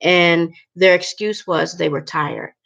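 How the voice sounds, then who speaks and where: A woman's voice: fairly low pitch, steady tone, slow pace, gravelly, a bit bright, lo-fi sound. A woman talking candidly and bluntly to her viewers in a casual vlog, cursing freely and using lots of fillers. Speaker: vlogger.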